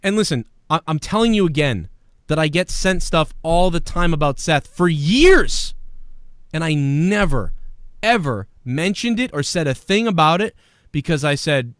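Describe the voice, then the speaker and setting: A man hosting a podcast, ranting in a profane, animated way and mimicking people as he talks. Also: fairly high pitch, measured pace, no room sound, studio quality. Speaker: podcast host.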